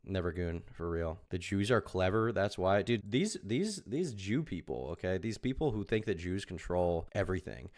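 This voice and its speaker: A young man streaming, reacting to a podcast with rambling commentary and sudden loud outbursts. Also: low voice, sing-song, moderate pace, hardly any pauses. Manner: rambling, repeats himself, sudden loud bursts.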